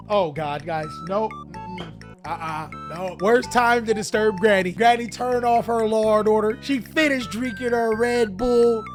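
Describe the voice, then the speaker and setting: A man telling a comedic childhood story in an animated, slangy way, talking straight to viewers. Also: sits high, unhurried, faint music behind. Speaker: YouTuber storyteller.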